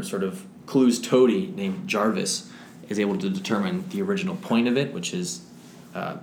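A man co-hosting a film club podcast, recapping a movie in an enthusiastic, rambling way. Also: deep voice. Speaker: podcast co-host. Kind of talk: casual film discussion. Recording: echoey room with faint noise.

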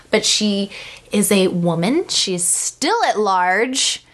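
A woman's voice: mid-range voice, lively intonation, slow, fairly bright tone. A woman co-hosting a podcast, rambling through giggly casual banter. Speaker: podcast co-host. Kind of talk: casual chat.

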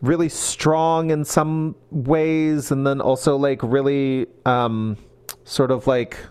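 A man co-hosting a podcast, recapping a book in casual, profane chat full of "like" and quick character voices. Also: medium pitch, clear, resonant tone. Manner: animated, profane, lots of "like", slips into character voices. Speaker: podcast co-host.

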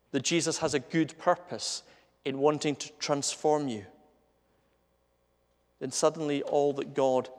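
A man preaching an earnest, conversational sermon, asking his listeners rhetorical questions. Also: mid-range voice. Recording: long hall reverb.

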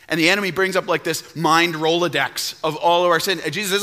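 Guy pastor preaching hard, bright ringing voice, big echoey church sound. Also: on the high side, a little fast. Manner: emphatic, animated preaching, sometimes breaking into song. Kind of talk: sermon.

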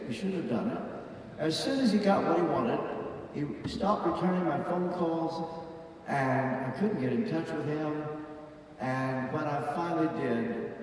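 A man's voice: a little high, darkish tone, a little hiss or hum. An older man preaching a sermon as a pastor, earnest and emphatic, acting out the voices he quotes. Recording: echoey hall, from far off.

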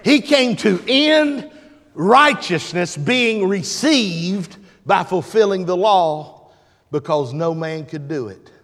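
A man preaching in a church sanctuary, his voice pitched very high for a man. He swings from hushed explanation to shouted, stretched-out lines, and a long reverb trails every phrase. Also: animated. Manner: builds from quiet teaching to shouted preaching with long drawn-out phrases. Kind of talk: sermon.

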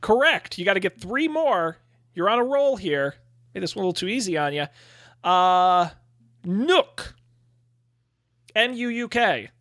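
A man's voice: high-pitched, expressive, a little slow, long pauses, a bit bright, no echo. A man running a tabletop game as game master, chatty and full of "uh" fillers.

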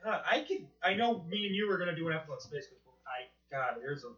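A young man co-hosting a podcast in casual chat, rambling excitedly, swearing often and restarting his sentences. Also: on the high side, fast. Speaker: podcast co-host. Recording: roomy, muffled podcast recording.

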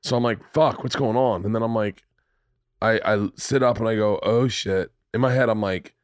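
Male podcast host, 30s, animated swearing storyteller, dry close mic. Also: on the low side, normal speed, clean tone, dry recording. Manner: animated, profane storyteller who acts out quotes. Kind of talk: casual conversation, storytelling. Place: home studio room.

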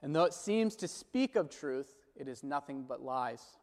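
A man's voice: medium pitch, animated, a little mellow. Earnest male preacher in a reverberant hall. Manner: measured, earnest preaching with slow quoted prayers. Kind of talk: sermon.

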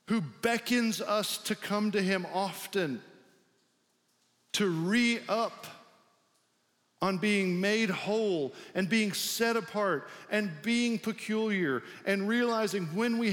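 A man's voice: high-pitched, a bit bright, big-room sound. A male pastor preaching a sermon in a loose, conversational way, with many filler "like"s.

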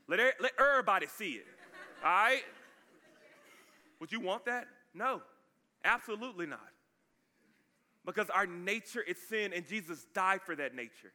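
Bright, high-voiced energetic preacher. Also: male voice. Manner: energetic, casual, calls out to the congregation. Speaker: pastor. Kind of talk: sermon.

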